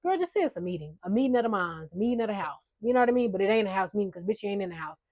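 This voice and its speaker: A woman's voice: medium pitch, expressive, racing, a little mellow, no room sound. A woman giving a casual reality-show recap, chatty, blunt and sarcastic, swearing freely. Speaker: recap vlogger.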